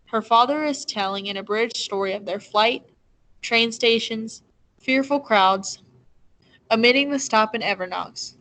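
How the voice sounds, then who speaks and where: A woman reading a novel aloud in a measured, gentle storytelling manner. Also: on the high side, poor audio. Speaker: reader.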